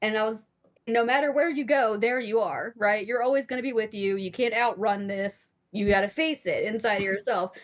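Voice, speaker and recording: A woman's voice: medium pitch, moderate pace. A woman therapist and life coach, a guest on a casual podcast, talking frankly with some swearing and plenty of fillers.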